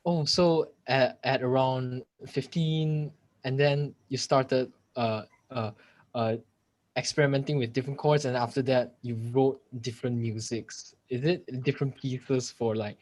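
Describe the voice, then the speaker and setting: A man hosts a live-streamed video call interview, answering with quick affirmations and easing into his questions with pauses. His voice is pitched in an ordinary middle range. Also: steady tone, darkish tone. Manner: encouraging, gives brief affirmations, asks halting questions.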